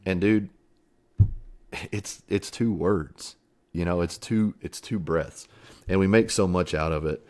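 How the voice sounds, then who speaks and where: A man's voice: low voice, normal speed, a little mellow. A middle-aged man guesting on a podcast, telling his story in an earnest, reflective way, swearing casually, with many fillers. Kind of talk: candid interview storytelling.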